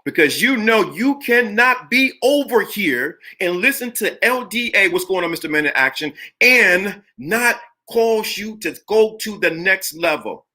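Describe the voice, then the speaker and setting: Here is a middle-aged man with a high, bright voice giving a motivational talk live to his viewers. He is preachy and emphatic, hammering each point with repeated phrases, and his voice sits well above the usual male range. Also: lively intonation, a little slow, hardly any pauses. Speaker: live stream host.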